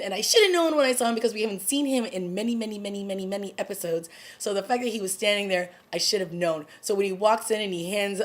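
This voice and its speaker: A woman hosting her own TV review vlog, talking casually through an episode's plot and acting out the characters' lines in quick asides. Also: mid-range voice. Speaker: TV review vlogger. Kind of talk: casual recap chat.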